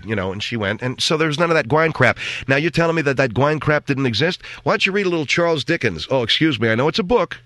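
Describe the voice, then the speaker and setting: A man's voice: a little high, very animated, fast, few pauses, a bit bright, no room sound. A man hosting a talk show, delivering a sarcastic, rambling opinion monologue.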